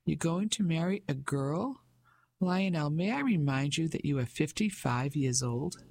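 A man's voice: a little high, expressive, a little slow, gravelly, darkish tone, dry recording, exaggerated voice. A man reading a proud, cold English wife. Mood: incredulous. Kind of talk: audiobook character voice.

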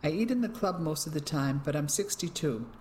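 Older stiff gentleman, clipped and self-pitying, put on by an audiobook reader; plain storybook reading. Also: mid-range voice, expressive, brisk, a little hiss or hum, lightly acted. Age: 60s.

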